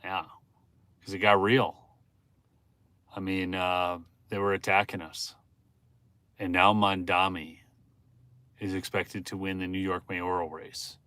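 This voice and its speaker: A man hosting a rambling political livestream. He talks straight to his viewers and asks the chat questions, swinging from low muttering to loud exclamations. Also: flat delivery, slow pace, pauses often, no echo. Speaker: livestream host.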